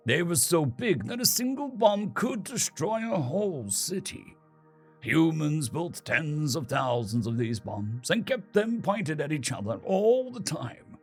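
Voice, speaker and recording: A man voicing a gentle young father who explains things slowly and patiently to his son. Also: fairly high pitch, breathy edge, pitched above the performer's own voice, full character voice. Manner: slow, explaining tone.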